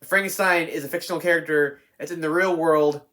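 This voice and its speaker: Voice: medium pitch, steady tone, fairly quick, pushed and bright. A film reviewer talking casually and unscripted, rambling with many restarts and free swearing. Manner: rambling, lots of fillers and restarts, swears freely.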